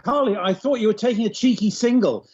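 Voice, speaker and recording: Male moderator, high husky voice, joking host patter, lo-fi video call. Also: quick pace, a little mellow. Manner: chatty, cricket-commentary jokes. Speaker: panel moderator. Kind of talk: casual moderating banter. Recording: muffled video call audio.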